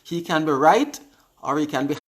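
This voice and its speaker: A man's voice: on the high side, normal speed. A Jamaican man hosting a live stream, chatting casually and reading out viewers' comments, often repeating his words. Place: indoors on live video.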